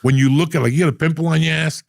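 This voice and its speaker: A man's voice: on the high side, steady tone, racing, no room sound, clean studio sound. A middle-aged man hosting a casual chat, telling blunt, profane stories in a rambling way. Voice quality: gravelly, husky. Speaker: podcast host.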